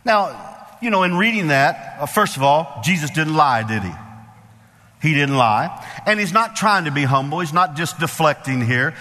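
A man's voice: on the high side, animated, normal speed, sharp tone. A man preaching a sermon as pastor, emphatic and repetitive, with call-and-response asides to the congregation. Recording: long hall reverb.

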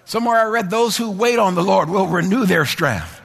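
A man preaching a sermon to a congregation, with rhythmic repetition that rises to shouted, sing-song peaks. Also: sits high, normal speed, creaky, husky, long reverb tail. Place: church sanctuary.

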